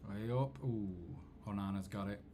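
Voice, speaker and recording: A man, host of a football watchalong, telling rambling, self-deprecating stories in a low-key casual chat. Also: normal speed, background noise. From England.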